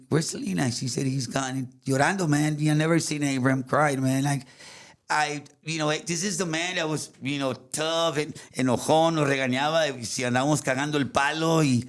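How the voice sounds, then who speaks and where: Telling a painful story from his own life, a middle-aged guest with a Tejano accent and a medium-pitched voice rambles in a blend of English and Spanish, leaning heavily on fillers.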